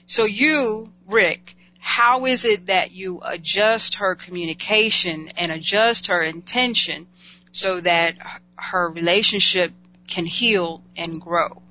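A host asking reflective, measured questions and offering frequent listening sounds in a casual conversation. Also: medium pitch, bright, forceful tone. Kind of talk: casual talk show conversation. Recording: dull lo-fi sound with faint hum.

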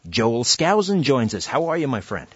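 A man's voice: mid-range voice, sing-song, normal speed, a bit bright, breathy edge, no echo, muffled recording. A man hosting a radio talk show, telling a story in a chatty way with many fillers and restarts. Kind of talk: conversational radio monologue and interview. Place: radio studio.

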